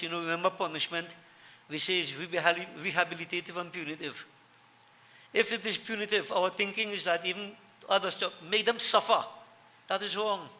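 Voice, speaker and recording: Earnest high-voiced preacher in a hall. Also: male voice, bright, forceful tone. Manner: earnest, repeats key lines for emphasis. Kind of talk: sermon. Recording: long hall reverb.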